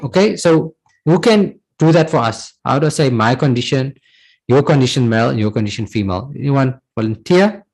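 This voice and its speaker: A man's voice: mid-range voice, lively intonation, moderate pace, a little mellow, rough recording. A man teaching an Arabic class, patiently repeating words and checking in with "right?" as he explains. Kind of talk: online class lesson.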